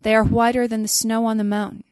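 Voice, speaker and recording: Solemn storybook rose tree, grave and measured, read by a woman in a warm, dry voice. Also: a little high, little pitch movement, no room sound, close to an everyday voice.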